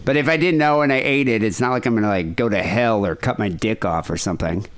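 A man's voice: lowish voice, fast talker, background noise. A man hosting a show, chatting casually in a rambling way, with frequent restarts and laughs. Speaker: podcast host. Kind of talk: casual chat.

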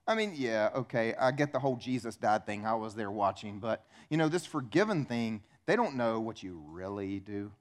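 A man's voice: lowish voice, expressive, moderate pace, few pauses, pitched below the performer's own voice, lightly acted. A man voicing Satan as a scornful accuser in a sermon, taunting and mocking. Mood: sneering. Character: sneering Satan, accusing male devil.

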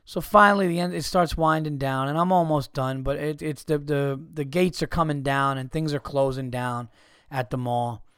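A man's voice: a little high, fairly even intonation, normal speed, a bit bright, clear, resonant tone, dry recording, studio quality. A man hosting a podcast, telling a comic story in an exasperated, profane, mocking way. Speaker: podcast host.

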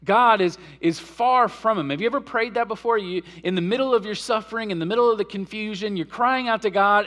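Man, pastor, sermon, high voice, earnest, swings between loud passion and quiet hush. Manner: earnest, rises loud on emotional quotes then drops low and quiet. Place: church sanctuary.

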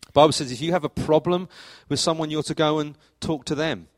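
A middle-aged man preaching a sermon as church leader, telling stories in a lively way with sudden rises in pitch and loudness. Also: brisk, dry recording. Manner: animated storytelling, acts out anecdotes with jumps in pitch and volume. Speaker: pastor.

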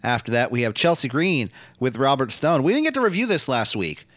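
A man's voice: medium pitch, very animated, brisk, fairly bright tone, no echo. A man co-hosting a podcast, casually recapping wrestling matches with lots of fillers.

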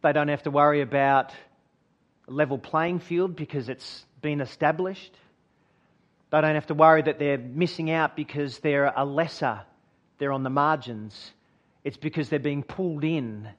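Earnest minister preaching, lo-fi. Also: male voice, a little high, normal speed. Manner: earnest storytelling, builds to emphatic peaks then drops quiet. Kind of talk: sermon with personal story.

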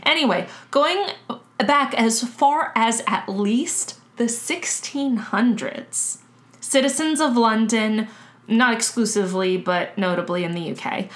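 A woman's voice: on the high side, expressive, slow. A woman co-hosting a casual history chat, telling the story with lots of fillers and restarts. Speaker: podcast co-host.

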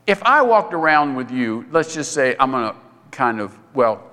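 A man preaching a sermon in a conversational way, jumping his pitch up high when he acts out other voices. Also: sing-song, normal speed, pushed and bright, long reverb tail. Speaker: pastor.

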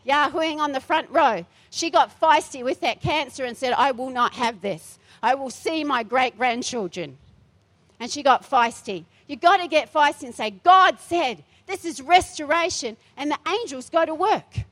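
A middle-aged woman pastor delivering a feisty, emphatic sermon in a church, repeating her phrases for force. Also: sits high.

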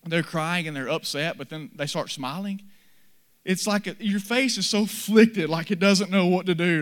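Pastor guy preaching, high sharp voice, goes quiet then loud, lots of repeating lines. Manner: earnest preaching, repeated short phrases, swings between soft and loud. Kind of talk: sermon.

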